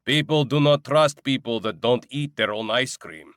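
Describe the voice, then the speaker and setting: A man's voice: medium pitch, moderate pace, fairly bright tone, dry recording, clean studio sound, pitched above the performer's own voice, natural voice. A man voicing a burly, superstitious male ice cream vendor in his forties with a Russian accent and broken English, in an audiobook. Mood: boastful. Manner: broken English, earnest, fatalistic. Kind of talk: audiobook character voice.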